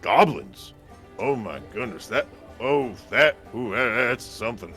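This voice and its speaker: A man's voice: medium pitch, lively intonation, measured pace, sharp tone, soft background music. Man doing a flustered townsman, exclaiming, friendly, tabletop game character. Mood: shocked.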